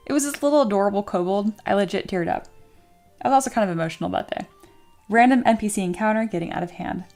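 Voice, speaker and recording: A woman who is a 3D sculptor hosts a casual livestream in a medium-pitched, slightly mellow voice. She chats with viewers, reads their comments aloud and cheers them on in an upbeat, encouraging way.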